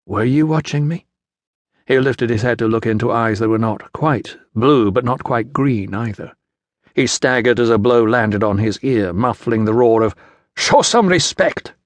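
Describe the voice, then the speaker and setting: A man narrating a historical novel as an audiobook in a measured, even storytelling manner. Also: mid-range voice, dry recording. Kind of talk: scripted narration. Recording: dry studio audiobook.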